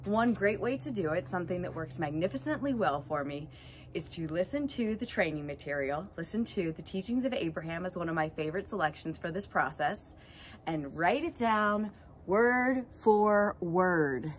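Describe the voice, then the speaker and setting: A woman's voice: fairly low pitch, animated, moderate pace, a little hiss or hum. A woman hosting an inspirational self-help talk, earnest and enthusiastic as she thinks aloud about what she is learning. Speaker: host.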